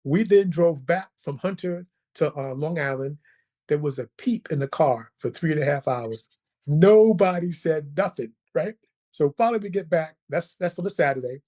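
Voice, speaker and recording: A man telling a personal story as a podcast guest, animated, acting out the quotes and checking in with the listener. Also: on the high side, normal speed. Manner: animated, acts out quotes, checks in with "right?" and "okay?". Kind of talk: casual storytelling.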